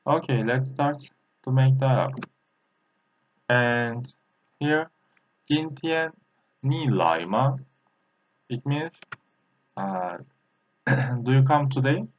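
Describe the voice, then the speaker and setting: A man, a native Turkish speaker, giving a language lesson in English, halting and repeating words slowly with many fillers. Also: medium pitch. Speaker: language teacher. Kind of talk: slow spoken language lesson. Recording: tinny phone-like audio.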